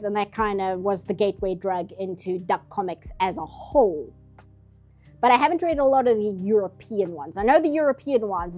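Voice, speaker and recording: A woman's voice: mid-range voice, darkish tone. A woman with a South African accent chatting casually and eagerly on a live art stream from her home office, often laughing. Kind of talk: casual chat while drawing.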